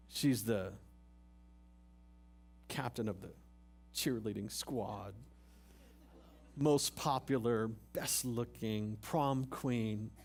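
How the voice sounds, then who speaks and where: A man's voice: medium pitch, darkish tone. A male pastor giving a sermon at a church service, talking casually with jokes and rhetorical questions to the congregation. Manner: conversational, humorous preaching with rhetorical questions.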